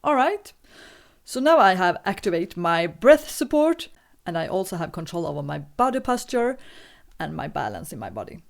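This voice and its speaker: A woman teaching singing, walking through a vocal warm-up with calm, patient step-by-step instructions. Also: fairly low pitch, moderate pace, creaky.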